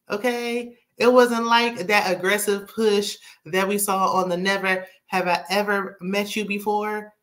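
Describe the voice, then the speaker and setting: A woman's voice: medium pitch, steady tone, measured pace, few pauses, fairly bright tone. A woman giving a casual, sassy recap of a reality show, chatty with frequent asides. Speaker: TV recap host.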